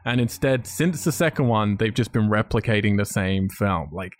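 A man's voice: on the low side, lively intonation, normal speed, dry recording. Male podcast co-host, blunt and sweary, dry recording. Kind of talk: casual film review chat.

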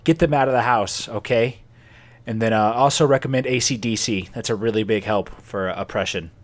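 A man's voice: on the low side, brisk. A man co-hosting a comedy podcast, rambling through mock-serious warnings with laughs and fillers. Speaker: podcast co-host.

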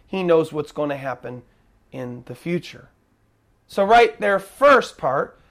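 A man preaching a sermon as pastor, emphatic, dropping to a hush and rising to near shouts. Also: high-pitched.

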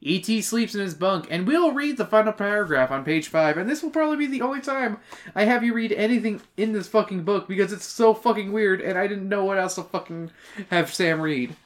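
A man reading out chapter summaries on a casual podcast, breaking off for crude jokes and plenty of swearing. His pitch swings up and down a lot as he talks. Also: animated, brisk. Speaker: podcast co-host. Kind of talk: casual book-review chat.

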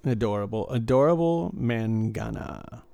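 Gravelly-voiced man from the Midwest. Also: medium pitch, lively intonation, measured pace, warm tone, no room sound. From Detroit. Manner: chatty storyteller, laughs often. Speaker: podcast host. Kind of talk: casual chat.

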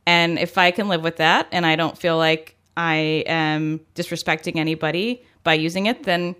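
A middle-aged woman co-hosting a chat show, giving measured, thoughtful opinions. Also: low voice, fairly even intonation, fairly bright tone, clear, resonant tone. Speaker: podcast co-host. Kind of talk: casual chat.

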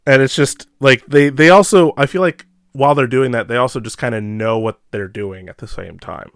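A man's voice: mid-range voice, normal speed, smooth, no room sound. A man co-hosting a movie podcast, chatting casually with lots of fillers and laughs. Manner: rambling, filler-heavy, frequent laughs. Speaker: podcast co-host. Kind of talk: casual chat.

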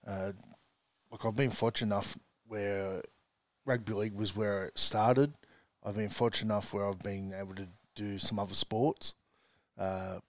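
A man's voice: on the low side, normal speed, no echo. Chatty Australian man telling stories. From Western Sydney, Australia. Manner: chatty, says "mate" constantly, animated storyteller. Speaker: rugby league coach, guest. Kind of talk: casual storytelling interview.

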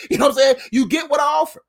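A man giving a casual motivational sermon, animated and playful, repeating phrases and calling the audience fam. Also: very high voice, vocal fry.

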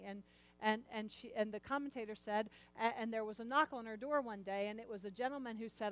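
A middle-aged woman telling a personal story in a sermon, animated and repeating words as she acts out lines. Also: fairly high pitch, a little fast, low-quality recording.

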